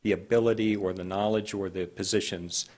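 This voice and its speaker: A man speaking as a public health director at a county board meeting, measured and halting with frequent restarts. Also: low voice, steady tone, darkish tone.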